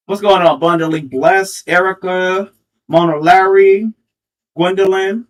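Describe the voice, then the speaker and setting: A man's voice: sits high, takes it slowly, far from the mic. A man hosting a livestream who talks in a taunting, confrontational way and repeats his jabs, speaking into a headset mic. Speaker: livestream host. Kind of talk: heated livestream rant.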